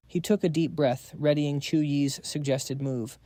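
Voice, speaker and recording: A man's voice: fairly high pitch, steady tone, unhurried, mellow, no room sound, studio quality. A man narrating a fantasy comic recap in a dramatic, scripted storytelling style.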